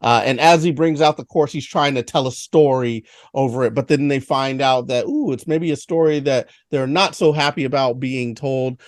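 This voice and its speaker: A man co-hosting a casual film review, speaking haltingly with many fillers. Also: medium pitch, dry recording, studio quality. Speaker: podcast co-host.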